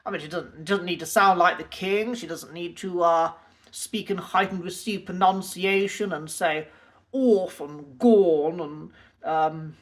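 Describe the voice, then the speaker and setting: A man's voice: sits high, a bit bright. A man, a coach giving his opinion in a casual video, hesitating often with ums and uhs. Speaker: accent coach.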